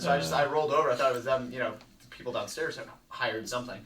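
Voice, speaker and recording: A young man co-hosting a casual studio chat, telling a story in a lively way. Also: medium pitch, fairly quick. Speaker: co-host. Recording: slightly distant mic, faint noise.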